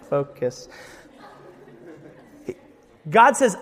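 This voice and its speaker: A man preaching a sermon in a lively, joking way, acting out the voices of the story. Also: sits high, normal speed, in a large hall. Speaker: pastor.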